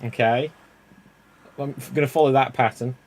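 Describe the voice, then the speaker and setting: A man's voice: medium pitch, steady tone, moderate pace, a little mellow. A man hosting improv comedy games, chatty and laughing often. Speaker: improv game host.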